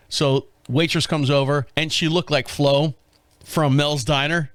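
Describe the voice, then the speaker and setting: A man's voice: a little high, fairly even intonation, unhurried, a bit bright, no echo, studio quality. A middle-aged man hosting a podcast, telling a casual story in a rambling way with restarts and chuckles. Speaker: podcast host.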